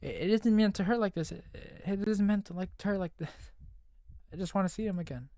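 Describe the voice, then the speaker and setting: A man's voice: high-pitched, no room sound, clean studio sound, voice pushed up. A man doing Yuri, a frightened teen girl. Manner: soft, halting, trembling stammer. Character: frightened shy teenage girl, bleeding and alone.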